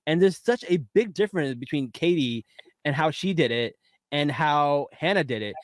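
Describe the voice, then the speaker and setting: A man co-hosting a casual TV recap podcast, animated and often laughing through his sentences. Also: on the high side, moderate pace, dry recording. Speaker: podcast co-host. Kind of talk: casual pop-culture recap chat.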